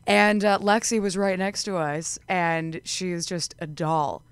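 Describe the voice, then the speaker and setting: Woman in her 20s, smooth voice, low-ish, bubbly chat guest. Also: level tone, a little slow, no room sound. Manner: bubbly, chatty, self-deprecating. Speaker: singer guest. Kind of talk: casual chat.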